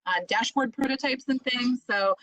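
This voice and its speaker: A woman speaks with an upbeat, eager energy on a video call. Her voice is somewhat high, and the sound is dry and close, with no room echo. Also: fairly bright tone, dull audio. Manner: upbeat, quick and enthusiastic. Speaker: volunteer organizer. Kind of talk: casual chat.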